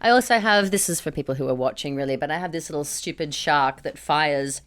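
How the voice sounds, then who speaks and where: A woman's voice: sits low, a little fast. A woman with an Australian accent hosting a podcast, chatting casually and swearing freely. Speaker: podcast host. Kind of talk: casual chat.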